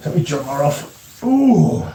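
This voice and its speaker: A man with a mellow, dark-toned voice hosts a casual livestream. He talks loosely and mutters and curses to himself between thoughts. His voice sits at an ordinary middle pitch. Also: normal speed, a little hiss or hum. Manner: chatty, muttering and swearing to himself. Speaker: livestream host. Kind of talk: casual livestream chat, reading out viewer comments.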